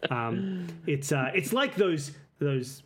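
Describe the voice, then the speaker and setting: A man running a tabletop game, giving rambling, halting descriptions of the scene. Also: a little high, animated. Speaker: game master.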